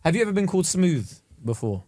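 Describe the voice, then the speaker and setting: A man's voice: high voice, fast. A man co-hosting a podcast, teasing and joking in casual chat. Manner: teasing, animated, laughs often. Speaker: podcast co-host.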